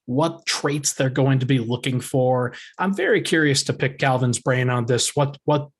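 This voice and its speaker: A man hosting a sports podcast with a hyped-up, energetic delivery. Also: medium pitch, moderate pace, husky. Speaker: podcast host.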